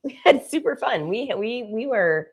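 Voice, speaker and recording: A woman's voice: a little high, expressive, moderate pace, slightly rough. A woman co-hosting a casual travel chat, stuffy with a head cold, talking in a bubbly way. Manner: chatty, bubbly, laughs often. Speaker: co-host. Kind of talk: casual live-stream chat.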